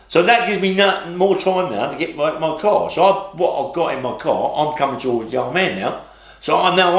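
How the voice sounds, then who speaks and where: A man's voice: fairly high pitch, fairly bright tone. A man telling a long anecdote in casual storytelling, tagging lines with "right?" and "yeah?" and acting out what others said. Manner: acts out quoted voices with swearing. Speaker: interview guest, former career criminal. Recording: echoey room.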